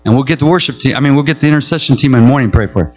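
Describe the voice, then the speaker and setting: A middle-aged male pastor preaching a sermon, telling a story with animated, emotional pleading. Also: medium pitch, very fast, dull audio, soft background music.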